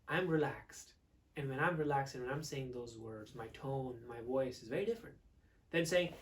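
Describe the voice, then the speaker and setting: Male speaking coach, mid pitch, lively demonstrative delivery, mic set back from him. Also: normal speed, far from the mic. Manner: expressive, swings between loud and hushed delivery to demonstrate. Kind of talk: teaching talk to camera.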